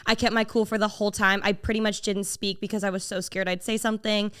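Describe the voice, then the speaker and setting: A young woman co-hosting a podcast, telling a story in casual chat, animated and full of "like" fillers, acting out what others said. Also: medium pitch, fast, clear, resonant tone. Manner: animated, quotes people in shifting voices, many "like" fillers. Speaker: podcast co-host.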